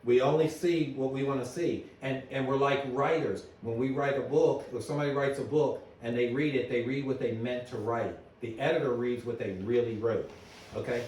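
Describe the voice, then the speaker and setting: A middle-aged man speaks to a meeting audience as a lively storyteller who keeps checking in with the room. His voice booms around a very echoey hall, picked up from a distance. A faint room hum sits underneath. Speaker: business owner giving a presentation. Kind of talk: conference talk to an audience.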